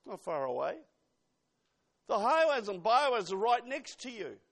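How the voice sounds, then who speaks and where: A man's voice: high voice, sing-song, unhurried, vocal fry, fairly bright tone. A man preaching a sermon, emphatic, quoting scripture and asking the congregation questions.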